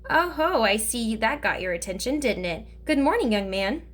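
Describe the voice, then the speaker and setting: A woman reading aloud, voicing a kind but stern grown woman in a storybook, pitched a bit above her own voice. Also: sing-song, normal speed. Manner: warm with the child, sharp with her father.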